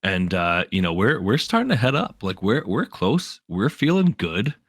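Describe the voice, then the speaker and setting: A man's voice: fairly low pitch, big pitch swings, normal speed, no room sound, studio quality. A man guesting on a podcast, casually telling the story of a game run, rambling with many fillers and restarts.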